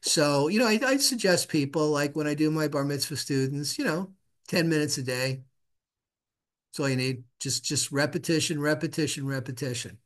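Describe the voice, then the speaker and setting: A man's voice: fairly high pitch, animated, fairly bright tone. Patient man teaching Hebrew reading. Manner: patient, repeats syllables slowly for the student to echo. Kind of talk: casual one-on-one reading lesson.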